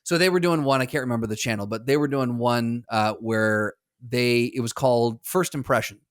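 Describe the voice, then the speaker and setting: Casual male co-host telling a story at a middle pitch, loose and chatty. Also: moderate pace, no room sound, clean studio sound. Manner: storytelling, rambling with fillers and laughs. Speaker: podcast co-host. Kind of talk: casual chat.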